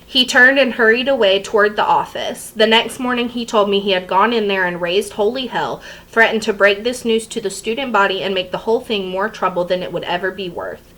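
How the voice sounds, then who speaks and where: A woman's voice: mid-range voice, brisk, few pauses, poor audio. A woman reading a memoir aloud chapter by chapter for students to follow along, now and then stopping to explain a line. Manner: steady, plain read-aloud pacing. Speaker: teacher reading to a class.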